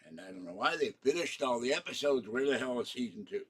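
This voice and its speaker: A man's voice: mid-range voice, lively intonation, fast, a bit bright, husky. An older man hosting a live stream, rambling through strong opinions in a grumbling, casual way. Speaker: channel host.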